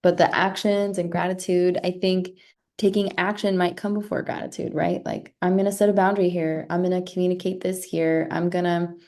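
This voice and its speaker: A woman's voice: lowish voice, little pitch movement, a little fast, darkish tone. A woman in her thirties, a life coach and podcast host, giving an earnest motivational talk, often repeating words and tagging thoughts with a rhetorical "right?".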